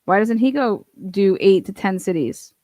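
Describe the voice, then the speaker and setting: A woman's voice: mid-range voice, expressive, moderate pace, warm tone, no room sound. A woman hosting a livestream, giving casual, blunt, profane commentary in an incredulous tone.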